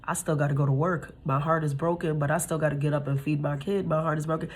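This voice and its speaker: A woman's voice: sits low, fairly even intonation, fast, husky. A young woman giving a casual tarot reading, chatty and streetwise, talking straight to her viewers. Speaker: tarot reader.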